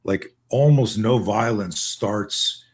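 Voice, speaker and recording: Canadian american guy, bit low, rambly and emphatic, lots of restarts. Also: takes it slowly. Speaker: co-host. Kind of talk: casual video call conversation.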